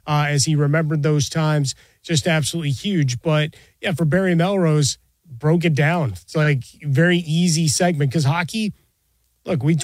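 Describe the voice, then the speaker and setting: A man hosting a sports talk show, agreeing with his co-host and adding steady commentary. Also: a little high, no room sound. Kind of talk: casual radio chat.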